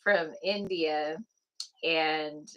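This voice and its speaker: A woman's voice: deep voice, steady tone, very slow, muffled recording. A woman from the US West Coast co-hosting a casual live chat from home, chatty and laughing often. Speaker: co-host.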